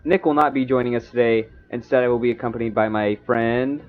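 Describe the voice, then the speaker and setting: A man's voice: medium pitch, fairly even intonation. Teasing young male podcast host. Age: young adult. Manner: teasing, quick to laugh. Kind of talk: casual chat. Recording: muffled lo-fi sound.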